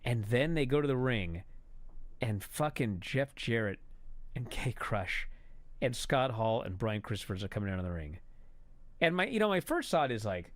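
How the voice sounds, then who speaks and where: A man telling a story as a profane, exasperated rant that builds to shouting. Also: mid-range voice, moderate pace, no echo. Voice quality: animated storyteller. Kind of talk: comedic rant.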